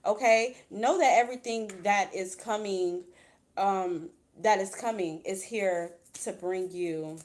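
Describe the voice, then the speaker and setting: A woman's voice: medium pitch, takes it slowly, a little mellow. A woman doing a casual tarot reading for her viewers, chatty and blunt, swearing freely and calling them "baby.". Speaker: tarot reader.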